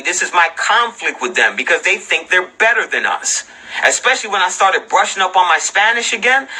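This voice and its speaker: A man rants into his livestream mic, combative and profane, hammering his listeners with rhetorical questions. His voice sits high for a man and sounds husky, with a piercingly bright, cutting edge. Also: low-quality recording. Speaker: livestream host. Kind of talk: ranting livestream commentary.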